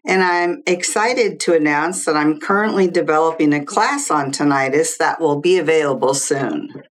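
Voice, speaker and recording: Give me a woman social worker explaining things clearly in an interview, a bit low in pitch. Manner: measured, explanatory, lists figures clearly. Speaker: social worker and guest expert. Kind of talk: informative interview answers.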